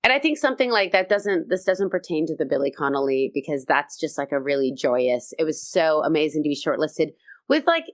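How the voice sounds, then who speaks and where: A Canadian woman comedian in a casual interview, telling stories with energy and quick restarts. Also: low-pitched, lively intonation, no room sound, studio quality. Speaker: comedian guest.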